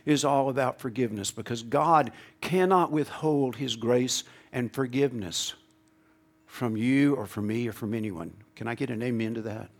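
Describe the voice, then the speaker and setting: A man preaching a sermon, calling out to the congregation and swinging from loud declarations to hushed, slow lines. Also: medium pitch. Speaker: pastor.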